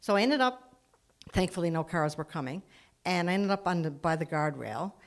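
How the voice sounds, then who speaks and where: Woman storyteller, lowish voice, lively and dramatic at a live event. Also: moderate pace. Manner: animated, dramatic swings in loudness.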